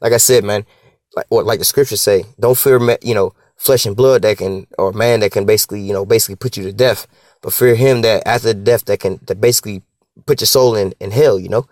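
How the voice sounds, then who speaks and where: Man, casual Bible teacher, slangy and conversational, slow scripture reading, rapid pace. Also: on the low side, darkish tone, no echo, studio quality.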